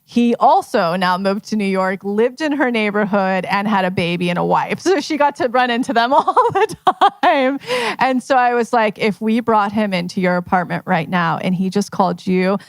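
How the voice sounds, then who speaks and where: A woman coach speaks at a live event, her voice gravelly and fry-laden but dry and close. Her delivery is chatty and storytelling, loose with fillers, pitched at a middle level. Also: moderate pace, no echo. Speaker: manifestation coach, guest. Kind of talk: casual talk to a live audience. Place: live event at a members' club.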